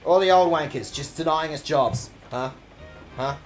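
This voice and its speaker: A man's voice: on the high side, moderate pace, soft background music. A man streaming a game with sweary, jokey commentary. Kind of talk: casual gaming commentary.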